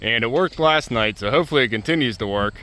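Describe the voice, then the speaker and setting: This homestead vlogger talks fast and animated, his mid-range voice bright and forceful, as he chats outdoors and coaxes his ducks, geese and turkeys across the farm yard and pasture. His narration stays casual and chatty.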